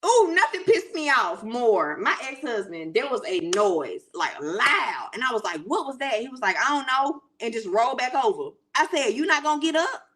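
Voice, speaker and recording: A female co-host with a high voice that leaps around in pitch. She tells her stories sassily and emphatically, pushing her point in a casual comic debate. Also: big pitch swings, normal speed, hardly any pauses, a bit bright, a little hiss or hum. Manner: sassy, emphatic storytelling.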